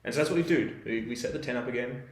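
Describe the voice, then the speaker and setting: A man's voice: mid-range voice, rapid-fire. Laid-back Australian guy in a roomy echo. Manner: rambling, laid-back, heavy on fillers like "like". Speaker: podcast co-host. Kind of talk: casual storytelling.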